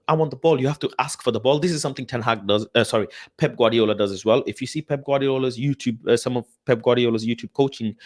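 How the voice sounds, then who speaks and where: A man hosting a casual football live stream, talking in slang and repeating his phrases. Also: mid-range voice. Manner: chatty, uses slang, fillers and repeated phrases. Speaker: football channel host.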